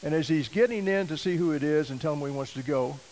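A man preaching a sermon, telling a story in a folksy, animated way and acting out quoted voices. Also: fairly high pitch, quick pace, poor audio. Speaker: missionary preacher.

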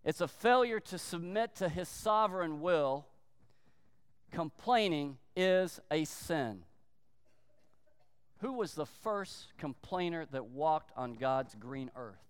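Man, pastor, sermon, high voice, clear and smooth, emphatic preaching. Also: lively intonation, big-room sound. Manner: emphatic preaching, slowing down for weight, brief acted quotes.

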